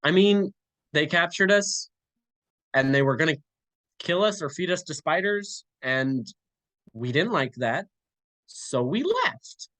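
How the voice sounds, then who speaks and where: A young man chatting as a player in a tabletop game, asking quick, casual questions. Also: on the high side, animated, fairly bright tone, no room sound.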